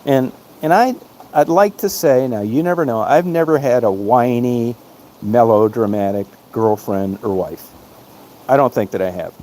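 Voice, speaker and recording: A man with an ordinary mid-pitched voice rambles through a personal anecdote, casual and profane. His talk is blunt and unpolished. A faint hiss of noise sits under the recording. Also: lively intonation, normal speed, darkish tone. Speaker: podcast host. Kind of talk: casual storytelling monologue.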